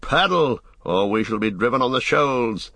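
A man reading the part of a warrior who shouts urgent warnings from a boat in a storybook. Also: lowish voice, unhurried, vocal fry, breathy edge, no echo, full character voice. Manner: shouting alarm.

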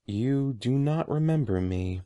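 A man reading the lines of a gentle, ominous old sorcerer, slow, soft and solemn. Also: mid-range voice, lively intonation, dry recording, close to an everyday voice.

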